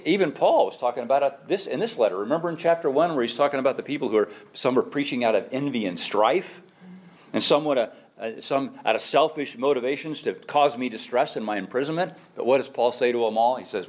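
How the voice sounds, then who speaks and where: A man's voice: medium pitch, lively intonation, fairly quick. A middle-aged man, a pastor, preaching a sermon with emphatic exhortation and self-deprecating asides.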